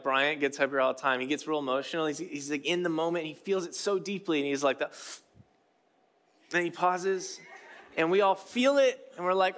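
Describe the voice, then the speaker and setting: A man's voice: fairly high pitch, fairly bright tone. A man in his thirties preaching a sermon in a conversational, self-deprecating way, with many fillers and restarts. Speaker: pastor.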